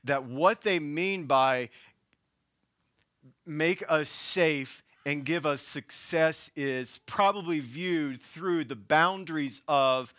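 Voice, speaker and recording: A man with a Southern US accent preaching a sermon as pastor, passionately shifting between hushed and raised delivery. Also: on the high side, slow pace, no room sound, studio quality.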